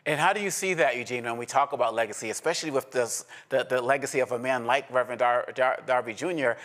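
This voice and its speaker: A man with a voice of ordinary middle pitch reads the news evenly and steadily. He then turns to his panelists and puts questions to them, sometimes restarting a word as he goes. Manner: measured, steady delivery, with brief restarts when questioning. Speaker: panel host. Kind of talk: news reading and panel moderation.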